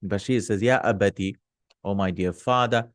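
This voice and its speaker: A man's voice: fairly low pitch, moderate pace, dry recording, studio quality. A man teaching an Arabic grammar lesson, reading Arabic lines aloud and then translating them step by step, with frequent hums and uhs.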